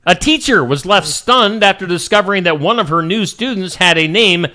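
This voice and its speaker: A man's voice: high-pitched, expressive, moderate pace, bright, forceful tone. A man hosting a morning show in casual chat, reading odd news stories and joking about them. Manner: jokey, reads headlines then riffs on them.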